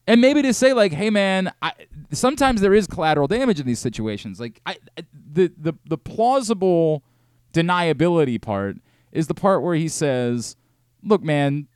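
A man's voice: a little high, very animated, moderate pace, smooth, no room sound, clean studio sound. A man hosting a sports talk radio show, giving heated opinions with emphatic repetition.

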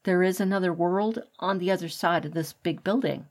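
A woman's voice: on the low side, moderate pace. A woman reading an odd, cheerful young rat. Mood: offhand.

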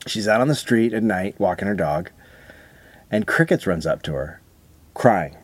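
Male podcast co-host, animated storyteller, drops into impressions, dry close sound. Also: moderate pace, slightly rough, no room sound. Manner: storytelling, mimics voices with big pitch jumps. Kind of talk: crude comedic banter.

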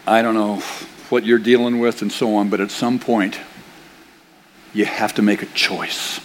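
A man's voice: fairly low pitch, flat delivery, measured pace, a little hiss or hum. An older man, a grandfather, preaching a sermon as pastor in a conversational way, with rhetorical questions and playful asides. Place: church sanctuary.

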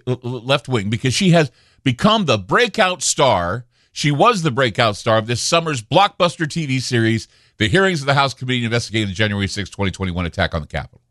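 A man's voice: mid-range voice, fairly bright tone, no echo, clean studio sound. A man hosting a talk radio show, ranting emphatically and repeating his points.

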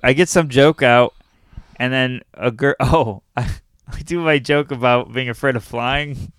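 A man's voice: medium pitch, a little slow, fairly bright tone, smooth, no room sound, studio quality. A young adult man, a comedian, telling a story in casual chat and laughing often at himself. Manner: laughs often while telling stories, self-deprecating.

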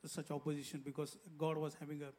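A man's voice: a little high, flat delivery, fast talker, a little mellow. Earnest Indian-accented male guest pastor. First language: not English. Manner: simple, earnest storytelling. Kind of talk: personal testimony in an interview. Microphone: handheld microphone.

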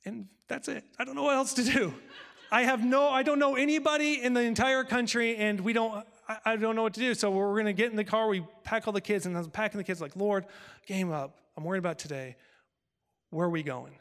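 Man preaching, high voice, animated storytelling, echoing church hall. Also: brisk, vocal fry. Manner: animated, acts out dialogue with God and his wife. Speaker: pastor. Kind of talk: storytelling sermon.

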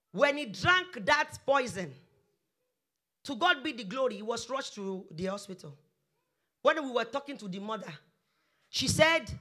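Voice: high-pitched, pushed and bright. A preacher delivering a sermon, emphatic and repeating exhortations over and over.

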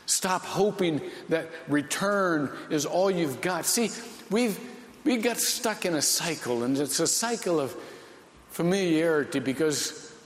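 Slow-preaching man in an echoey hall. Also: on the high side, lively intonation. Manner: slow, folksy preaching with dramatic pauses. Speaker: pastor. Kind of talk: sermon. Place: church sanctuary. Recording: echoey hall with long reverb.

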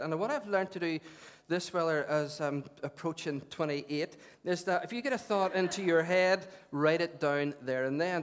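A man preaching from the pulpit, his voice sitting a little high for a man. He talks in a chatty, lively way, dropping joking asides in between the Scripture he reads. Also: clear, resonant tone. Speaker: pastor. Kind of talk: sermon.

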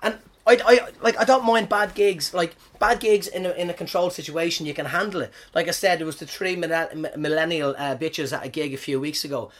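An Irish comedian hosting his podcast, telling stories about his gigs in an animated, swearing, self-mocking way. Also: on the high side, a little fast, few pauses. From Ireland. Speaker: stand-up comedian, podcast host. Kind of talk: casual storytelling monologue.

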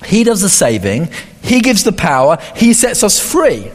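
A man's voice: sits high, wildly swooping pitch, normal speed. A man preaching a sermon as pastor, reading scripture and acting out quoted voices. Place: church hall. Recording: long hall reverb.

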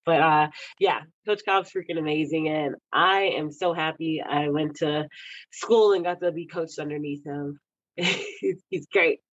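A woman's voice: sits low, fairly even intonation, unhurried, no echo, highs cut off. A young woman from Texas, a guest chatting casually in an interview, laughing often between stories. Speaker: athlete guest.

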